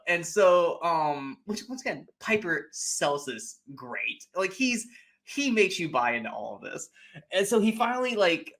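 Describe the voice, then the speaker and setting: Animated man recapping a movie. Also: on the high side. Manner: animated retelling, acting out characters' lines. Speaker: podcast co-host. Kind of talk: casual movie recap chat.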